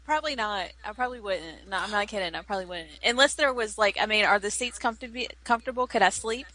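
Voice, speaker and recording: Chatty bright-voiced woman co-host. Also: medium pitch, quick pace. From American South. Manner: chatty, opinionated, laughs often. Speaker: podcast co-host. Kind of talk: casual chat.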